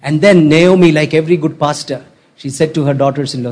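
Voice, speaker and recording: A man's voice: on the high side, a little fast, darkish tone. A man preaching a sermon as a pastor, exhorting and repeating his points and calling on the congregation to respond. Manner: exhorting, repetitive, calls for audience response.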